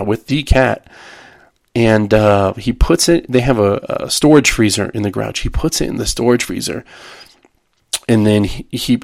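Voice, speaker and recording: A man's voice: medium pitch, gravelly, no room sound, clean studio sound. A man hosting a podcast, casually retelling a TV episode in a rambling way, with frequent ums and restarts. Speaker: podcast host.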